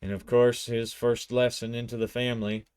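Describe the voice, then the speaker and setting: A man's voice: mid-range voice, little pitch movement, moderate pace, darkish tone, smooth, no echo. A man narrating a solo tabletop roleplaying session, storytelling with frequent restarts.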